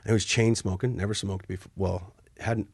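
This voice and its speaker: A man with a low, husky voice tells war stories as a podcast guest. He acts out what people said, jumping to high yelps or dropping to a hush. The sound is close and dry. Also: fairly quick, no echo. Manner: animated, acts out quotes with sudden high yelps and hushed asides. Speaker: podcast guest, Army helicopter pilot. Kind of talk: casual storytelling.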